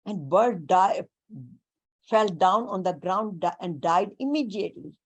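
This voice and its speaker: A woman giving a spiritual talk, speaking deliberately and weaving in Sanskrit and Hindi terms. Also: medium pitch. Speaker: spiritual teacher.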